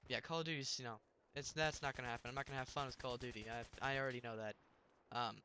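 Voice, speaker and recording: A man's voice: mid-range voice, fairly even intonation, quick pace, sharp tone, faint music behind. A young man telling a rambling story while commenting on his gameplay, with many restarts.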